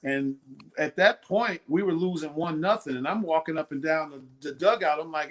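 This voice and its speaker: A man in his sixties who once pitched professionally tells stories briskly in a fairly high voice during a casual interview, acting out the voices of those he quotes. He's an animated guest, and the recording carries a faint hiss or hum.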